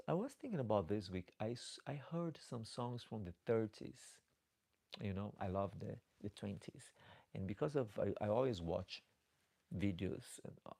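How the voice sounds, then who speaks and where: A man with a low, gravelly voice hosts a drag live stream at an unhurried pace. He reads viewer comments aloud and chats back affectionately, calling his audience darlings. His speech is halting, full of repeated and restarted words. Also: mellow.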